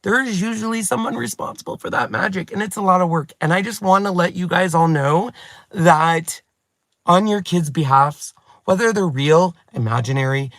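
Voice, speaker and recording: Chatty, animated man in his forties. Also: sits high, no echo. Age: 40s. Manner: chatty, animated and self-mocking, with bursts of laughter. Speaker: craft YouTuber and host. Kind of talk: chatty vlog storytelling to viewers.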